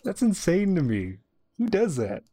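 A woman's voice: on the low side, very animated, a little slow, mellow, no room sound, studio quality. A woman in casual chat who reacts with short agreeing remarks.

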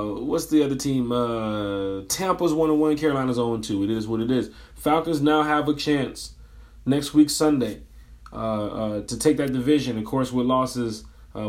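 A man hosts his own sports fan show, his voice worn hoarse from screaming. He talks in casual, energetic, repetitive hype at a middle pitch. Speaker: fan podcast host.

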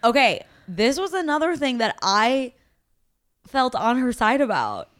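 A giggly woman co-hosting a casual podcast, her pitch leaping up and down as she chats. Her voice sounds close and dry, with no room echo. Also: big pitch swings, unhurried, fairly bright tone. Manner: giggly, chatty, lots of "like" fillers. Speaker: podcast co-host. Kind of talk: casual chat recapping a reality dating show.

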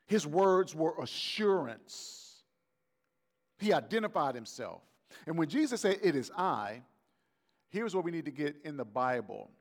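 Male pastor, gravelly and slightly high, conversational sermon that slips into acted-out voices. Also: sing-song, unhurried. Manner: conversational preaching, acts out voices of biblical figures.

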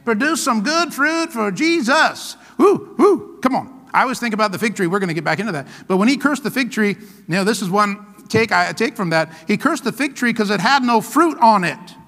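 High-voiced man preaching in an echoey hall. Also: expressive, moderate pace, few pauses, pushed and bright. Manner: emphatic call-and-response preaching. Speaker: pastor. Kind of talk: sermon.

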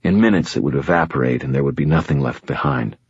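A man giving steady, measured first-person audiobook narration on a dull, dry recording. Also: rumbling low, husky, no room sound.

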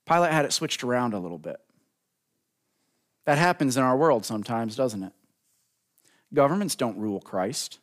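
A man preaching a sermon, building to emphatic lines and drawing out key words slowly, speaking directly to the congregation. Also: mid-range voice. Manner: preaching with rising emphasis and slow drawn-out stresses; addresses the congregation directly as folks. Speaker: pastor.

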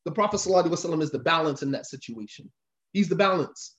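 A man's voice: a little high, expressive, very fast, fairly bright tone. Man preaching emphatically in a roomy recording. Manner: repetitive, emphatic, conversational preaching. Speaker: religious teacher. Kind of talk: informal sermon.

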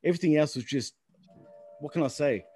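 A man's voice: a little high, fairly quick, warm tone, slightly rough, faint music behind. A man co-hosting a casual wrestling podcast, talking in a friendly, chummy way and calling people "dude" and "man". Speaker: podcast co-host.

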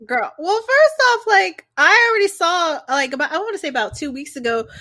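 High, lively, bright-voiced woman. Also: fairly quick, no echo. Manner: emphatic, laughs often. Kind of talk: casual chat.

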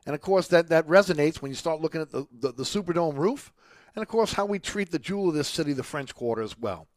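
Indignant New radio host ranting. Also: male voice, fairly high pitch, animated, fast, no room sound, studio quality. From New Orleans. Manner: indignant ranting with many repeated restarts. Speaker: radio talk show host. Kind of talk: talk radio monologue.

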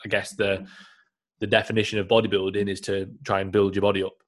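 Low-voiced man, rambling. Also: flat delivery, fast. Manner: rambling, hesitant restarts, casual swearing. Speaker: podcast host. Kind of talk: casual podcast chat.

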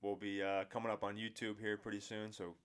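A man co-hosting a casual podcast, relaxed and speaking directly to listeners. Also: lowish voice, a little fast, clear, resonant tone. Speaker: podcast co-host.

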